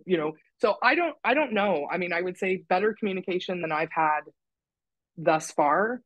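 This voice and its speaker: A woman's voice: lowish voice, lively intonation, normal speed, no room sound, low-quality recording. A woman guesting on a podcast, talking candidly and critically about herself, with some swearing for emphasis. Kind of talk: candid conversational chat.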